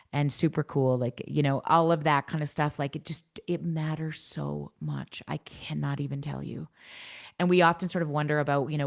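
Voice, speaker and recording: A woman coach giving a workshop talk to coaches and parents in a frank, blunt, energetic way. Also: low voice, gravelly. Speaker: youth coach and workshop presenter.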